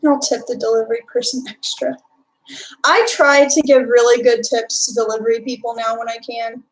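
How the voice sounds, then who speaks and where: Young woman, Texan accent, high-pitched, casual streamer chat, lots of fillers. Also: steady tone, normal speed, poor audio. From Texas. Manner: chatty, reads and answers chat, filler-heavy.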